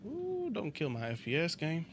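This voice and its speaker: Over loud game sound, a streamer with a mid-range voice and fairly even intonation chats with his audience at a moderate pace. He keeps it laid-back, cursing, laughing a lot, and leaning heavily on filler words.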